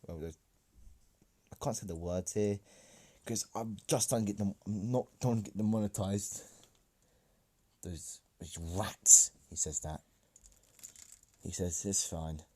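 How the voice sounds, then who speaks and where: A man's voice: fairly low pitch, moderate pace, long pauses, warm tone, no room sound. A man improvising a fan-fiction story in a rambling way, correcting himself and chatting to listeners.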